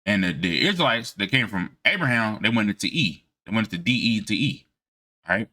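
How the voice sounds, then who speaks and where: Man, low voice, forceful tense tone, casual lecture, informal, emphatic, checks in often. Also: animated, fairly quick. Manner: informal and emphatic, keeps checking "all right?". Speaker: religious history presenter. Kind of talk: casual lecture from on-screen notes.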